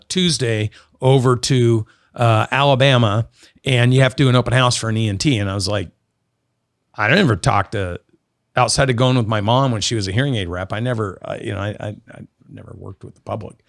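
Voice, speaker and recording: A man's voice: medium pitch, dry recording, studio quality. A middle-aged man from Oregon, a business guest in an interview, telling stories and acting out the dialogue. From Oregon, USA. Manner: animated storyteller, acts out quoted dialogue. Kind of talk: storytelling interview.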